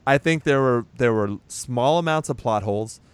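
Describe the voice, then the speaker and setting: A man's voice: medium pitch, moderate pace, clear, resonant tone, no room sound. A man in casual chat, recapping a movie as a podcast host, chatty and teasing, swearing now and then.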